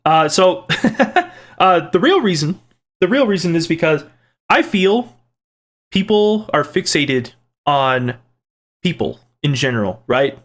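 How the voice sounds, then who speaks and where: A man's voice: a little high, big pitch swings, slow, long pauses, a bit bright. A man hosting his own channel, reading viewer comments aloud and answering them in a playful, rambling way. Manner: rambling and playful, with restarts and side jokes. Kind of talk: casual chat.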